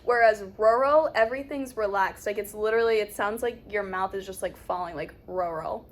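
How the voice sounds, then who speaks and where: Upbeat woman coaching pronunciation. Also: medium pitch. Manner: upbeat, coaching, slow demonstrative repetitions. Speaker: English pronunciation teacher. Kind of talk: casual on-camera lesson.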